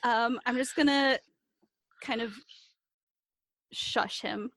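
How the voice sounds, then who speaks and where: A woman's voice: on the high side, takes it slowly, no room sound. A woman playing a tabletop game, describing her character's actions with lots of fillers. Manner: animated, filler-heavy storytelling. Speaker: player. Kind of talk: casual chat during a tabletop game.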